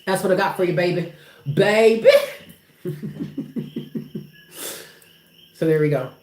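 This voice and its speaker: A woman with a low voice gives live tarot readings, warm toward her viewers and not shy about swearing. She sounds like she's in a roomy space with a faint hiss of noise underneath. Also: rapid-fire. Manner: affectionate, emphatic, swears casually. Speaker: tarot reader.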